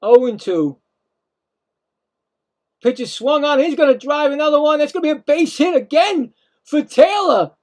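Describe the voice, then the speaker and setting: A man calling live play-by-play as a stream host, excitable, ranting at calls and talking straight to his viewers. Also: very high-pitched, normal speed, long pauses.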